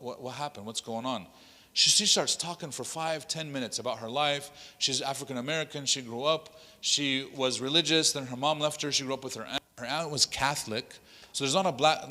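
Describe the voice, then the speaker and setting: A man's voice: mid-range voice, bright, forceful tone. A man, an imam, telling a story in a workshop talk and acting out the dialogue as he goes. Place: mosque hall. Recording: long hall reverb.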